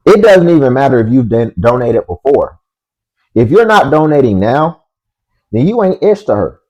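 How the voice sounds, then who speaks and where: A man's voice: mid-range voice, very animated, moderate pace, darkish tone, dull audio. A man hosting a commentary video, speaking in a dry, sarcastic way. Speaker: commentary host. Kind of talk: scripted commentary.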